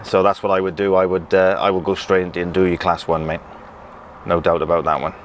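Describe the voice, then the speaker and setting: A deep-voiced man, a truck driver who vlogs, chats casually and fast from in and around his truck, reading out viewer comments. He's relaxed and talkative, full of ums and restarts. It's captured on an action camera with a pocket mic, with faint outdoor vehicle noise.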